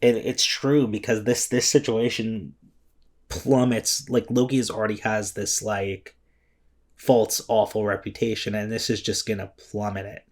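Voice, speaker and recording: A man with a fairly low voice talks through his thoughts in a loose, unscripted vlog. He rambles, restarts his sentences and fills gaps with ums. He swears now and then and sounds openly moved. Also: little pitch movement, unhurried, a little mellow. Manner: rambling and emotional, many fillers and restarts, swears. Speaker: vlogger reviewing a comic chapter. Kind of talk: casual spoken commentary.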